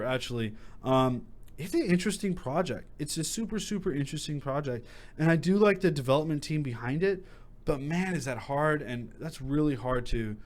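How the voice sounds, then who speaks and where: Chatty, frank man talking crypto. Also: mid-range voice. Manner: chatty, frank, full of fillers and restarts. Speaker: crypto channel host. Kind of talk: casual vlog commentary.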